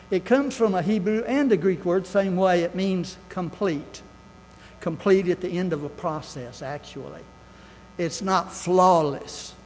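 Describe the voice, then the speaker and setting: A man's voice: a little high, long reverb tail, slight background noise, rough recording. An older man preaching a sermon in a church, folksy and earnest, with asides and scripture quotes. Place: church sanctuary.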